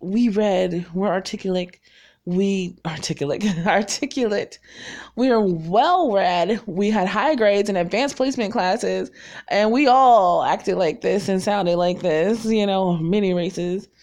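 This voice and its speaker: A woman's voice: mid-range voice, slow pace, darkish tone. Chatty, laughing woman around forty. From North Carolina, raised in Virginia. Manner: rambling, chatty, laughs often; frank and self-deprecating. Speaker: vlogger. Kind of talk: casual chat to viewers.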